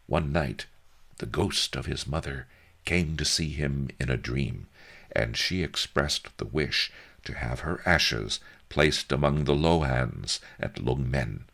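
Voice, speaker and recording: A man's voice: extremely low pitch, expressive, slow pace, vocal fry, a bit bright, husky. A man narrating an audiobook in a wry, dry storytelling manner.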